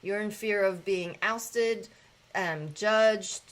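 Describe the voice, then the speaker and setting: A woman's voice: medium pitch, takes it slowly, rough recording. A woman hosting a casual spiritual gathering, talking in a loose, rambling way with fillers and the odd swear.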